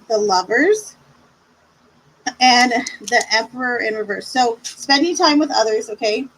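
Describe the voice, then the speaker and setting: A woman's voice: on the high side, fairly bright tone, a little hiss or hum, low-quality recording. A middle-aged woman giving live tarot readings on a stream, chatty and reassuring as she talks to viewers. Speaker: tarot reader.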